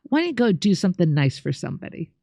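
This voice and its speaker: A woman's voice: on the low side, big pitch swings, fast talker, gravelly, warm tone, dry recording. A middle-aged woman co-hosting a live stream, reading viewer chats in a chatty, exasperated, then friendly way. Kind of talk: casual live-stream chat.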